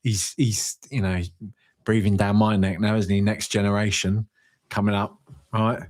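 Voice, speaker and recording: A man's voice: on the low side, flat delivery, normal speed, darkish tone. A man around forty hosting a solo fan podcast on a studio microphone, reading live chat and reacting in an emotional, rambling way with lots of restarts. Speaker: podcast host.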